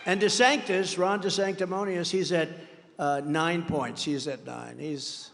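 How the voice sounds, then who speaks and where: An older American man giving a rambling, boastful campaign rally speech, breaking into sudden shouts. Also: high-pitched, moderate pace, vocal fry, slight background noise. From United States. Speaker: political candidate. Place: large rally venue. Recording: reverberant hall with a long echo.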